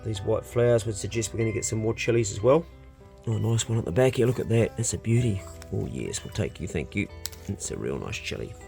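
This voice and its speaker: A man's voice: on the low side, lively intonation, fairly quick, creaky, mellow, soft background music. A man with a New Zealand accent, chatting upbeat about his homestead garden outdoors as he films a vlog. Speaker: homesteader vlogger. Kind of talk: casual vlog narration.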